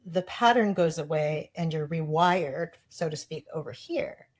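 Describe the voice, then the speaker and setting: A woman with a fairly low voice in a casual podcast conversation. She talks reflectively and slips into little quoted inner voices to make her point. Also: a little slow.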